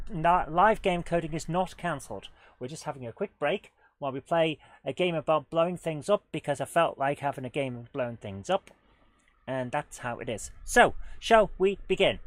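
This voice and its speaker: A woman's voice: low voice, no room sound. A woman hosting a live game stream, chatting in a rambling, self-deprecating way while she plays and greets viewers. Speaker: livestream gaming host. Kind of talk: live gameplay commentary with chat.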